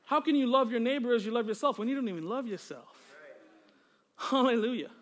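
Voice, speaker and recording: A man's voice: very high voice, animated, a little fast. A male pastor preaching a sermon during a church service. He is fervent and exclamatory, breaking into praise often and joking casually with the congregation.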